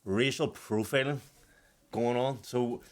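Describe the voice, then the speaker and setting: A young man co-hosting a casual podcast, spinning a story between bursts of laughter. His voice sits at an ordinary middle pitch, and his easy, chatty delivery marks him as a boxer talking with a friend. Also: fairly even intonation, slow. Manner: laughs often while telling a story.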